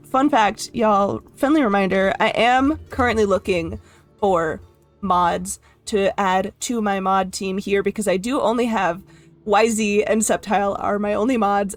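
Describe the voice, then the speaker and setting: A young woman chatting casually on her livestream from her room at home, giggling often and cooing at her dog. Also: mid-range voice. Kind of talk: casual stream chat.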